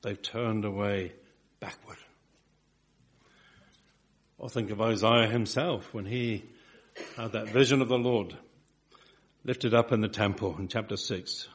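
A man preaching a sermon, slow and emphatic, asking his listeners rhetorical questions. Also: lowish voice, steady tone.

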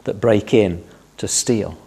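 A man preaching a Bible-teaching sermon in a calm, explanatory way, stressing key phrases. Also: on the low side, slow, gravelly, breathy edge.

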